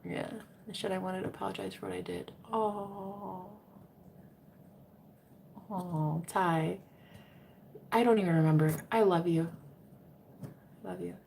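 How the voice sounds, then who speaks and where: Animated, cussing woman telling a story. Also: lowish voice, vocal fry, a little hiss or hum. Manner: animated, swearing, addresses viewers as girl; drops into whispers for emphasis. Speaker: love reading content creator. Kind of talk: casual storytime to viewers.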